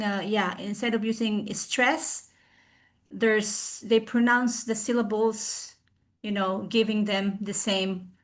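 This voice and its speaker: A woman giving a recorded presentation over a video call. She speaks with many fillers and restarts, and she slowly sounds out example pronunciations. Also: fairly high pitch. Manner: hesitant, with frequent fillers and restarts.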